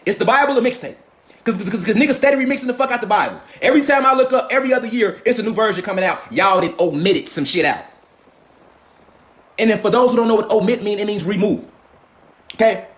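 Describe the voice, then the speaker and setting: A man with a high voice rants in a profane, animated monologue. He mocks and jabs with rhetorical questions, his delivery heated and relentless. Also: quick pace. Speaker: host of a lecture channel.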